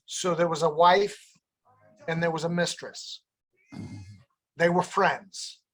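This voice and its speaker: A man's voice: fairly high pitch, fairly even intonation, takes it slowly, fairly bright tone, low-quality recording. A man co-hosting a podcast, telling a rambling, profane story in casual banter. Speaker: co-host.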